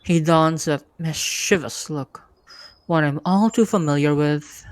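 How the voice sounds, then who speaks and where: A woman with a low voice narrates a first-person story on a live reading stream. Her reading is steady and easygoing, and the sound is close and dry. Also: a little slow, no echo. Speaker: host and narrator.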